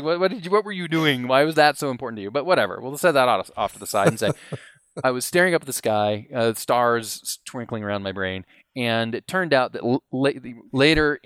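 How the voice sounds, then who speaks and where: A man telling a long story on a podcast in a casual, animated way, acting out what others said and laughing as he goes. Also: mid-range voice, clear, resonant tone, no room sound, clean studio sound. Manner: animated, acts out quotes, laughs mid-story.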